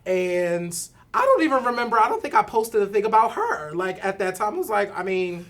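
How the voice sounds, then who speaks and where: A woman's voice: mid-range voice, very animated, brisk. A woman co-hosting a casual discussion, candid and conversational, reading out viewer comments. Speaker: podcast co-host.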